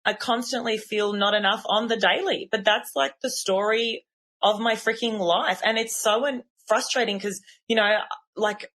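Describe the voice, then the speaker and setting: A woman, a podcast host telling personal stories in a casual, animated and self-deprecating way. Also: fairly high pitch, normal speed.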